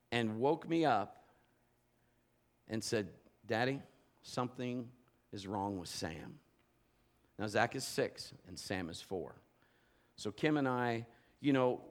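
A middle-aged male preacher telling a dramatic story in a sermon and acting out the voices and sounds in it. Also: mid-range voice. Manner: animated, acts out voices and sounds.

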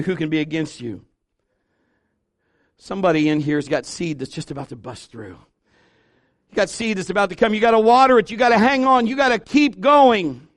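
A male pastor in his fifties preaching to his church, swinging from loud exhortation to quiet, intimate asides with humor. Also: high voice, dry recording, studio quality. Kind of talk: sermon. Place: church sanctuary.

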